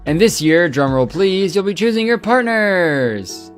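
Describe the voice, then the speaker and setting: A man reading the lines of a theatrical female high school teacher in a story game, slow and overly dramatic, with a lively pitch. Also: faint music behind.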